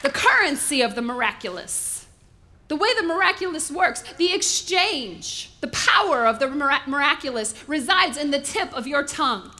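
A woman pastor preaching a sermon, lively and theatrical, acting out little voices as she tells stories. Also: high voice, moderate pace, a faint crowd, slight background noise. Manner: animated preaching, acts out voices in asides.

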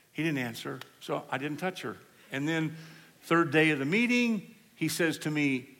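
A man preaching at a healing service, telling stories in an animated way and laughing along with the congregation. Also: fairly high pitch, normal speed. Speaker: evangelist. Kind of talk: storytelling sermon. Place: church service. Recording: hall reverb, faint room noise.

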